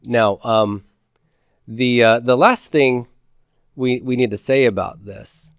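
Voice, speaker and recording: Man, lecture style, patient and repetitive, smooth resonant voice, dry recording. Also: mid-range voice, fairly even intonation, takes it slowly, no echo. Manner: patient, repeats key points, checks understanding with "okay?". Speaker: Hebrew grammar teacher. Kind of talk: classroom lecture.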